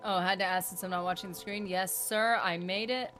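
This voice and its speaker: A woman streaming a video game live, chatting casually, reading chat aloud and breaking into excited bursts. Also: mid-range voice, a little fast, faint music behind. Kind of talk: live gameplay commentary.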